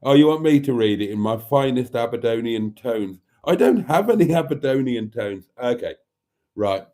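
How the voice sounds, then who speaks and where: A man chatting warmly with viewers on his live stream, camp and talkative, laughing often and calling them darlings. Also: mid-range voice, lively intonation, normal speed.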